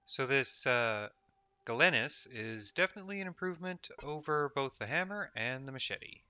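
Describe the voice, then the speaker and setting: Bright-voiced man narrating gameplay. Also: medium pitch, animated, moderate pace, slight background noise. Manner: casual, reads game text aloud, self-directed chatter. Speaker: let's play host. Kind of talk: gameplay commentary.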